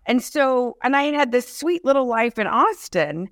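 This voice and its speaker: Woman comedian as interview guest; bright, higher voice; lively, self-mocking storyteller; dry close sound. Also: unhurried, no echo. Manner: animated, self-deprecating, acts out quoted lines.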